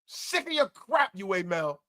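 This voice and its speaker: High-pitched male streamer hosting a post-game fan show, excitable, loud and repetitive. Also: a little slow. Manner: excitable, loud, repeats himself, banters with chat.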